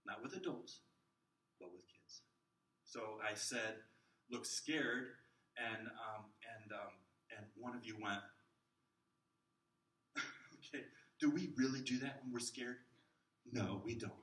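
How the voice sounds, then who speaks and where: A man teaching a class of children's ministry workers, jumping between loud bursts and soft near-whispers to show how to use the voice. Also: mid-range voice, slow pace, long pauses. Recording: roomy echo, mic at a distance.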